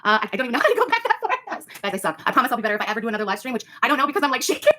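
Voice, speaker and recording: A woman's voice: fairly high pitch, big pitch swings, very fast, sharp tone, a little hiss or hum. A woman on a live stream, gushing breathlessly and repeating her thanks. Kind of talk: excited live stream chat. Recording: clip played from a live stream.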